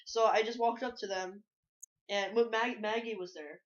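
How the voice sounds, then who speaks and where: Halting young man telling a story. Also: sits high, fairly even intonation. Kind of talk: casual storytelling. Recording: muffled lo-fi recording.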